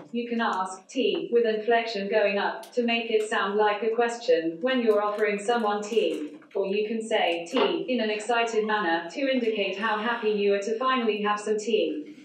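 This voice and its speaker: Flat computer voice of a woman speaker. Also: mid-range voice, slight background noise. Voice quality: flat synthetic computer voice without intonation. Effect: speech synthesizer. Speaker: conference speaker. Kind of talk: prepared talk read out by text-to-speech. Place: large conference hall. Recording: echoey hall, voice from far off.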